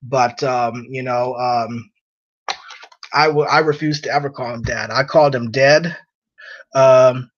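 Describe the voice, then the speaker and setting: A man's voice: mid-range voice, steady tone, measured pace, pauses often. A man hosting a casual chat, reading out viewer comments and rambling through personal stories, laughing often. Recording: dull lo-fi sound.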